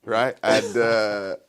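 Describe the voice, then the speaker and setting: A man's voice: on the low side, clear, resonant tone. A man, a guest commentator telling stories in casual conversation, wry and skeptical. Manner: wry, skeptical, animated storyteller.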